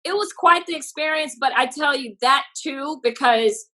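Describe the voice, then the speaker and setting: Woman comic, interview guest, animated storyteller who acts out voices, bright voice a bit high. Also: moderate pace, low-quality recording. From Texas. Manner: lively, acts out voices in her stories. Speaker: comedian guest.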